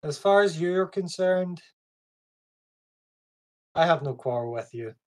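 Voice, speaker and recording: A player plays a gruff orc who keeps people at arm's length. The delivery is curt and defensive, at a middling pitch. It stays close to the player's own voice. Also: lively intonation, slow pace, darkish tone. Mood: guarded.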